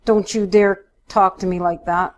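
A woman voicing an indignant mother who yells in a shrill, high-strung way. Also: fairly even intonation, measured pace, dull audio, lightly acted. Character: furious indignant mother in a neighbor feud.

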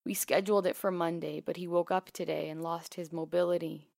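A woman's voice: lowish voice, little pitch movement, a little fast, creaky, a little mellow, no echo, studio quality. A woman reading the lines of a grieving older dog owner in a quavering voice.

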